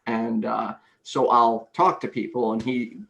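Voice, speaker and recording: A man's voice: mid-range voice, flat delivery, unhurried, vocal fry, a bit bright, muffled recording. Laid-back man, rambling explainer. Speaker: atheist YouTuber. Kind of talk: casual group chat.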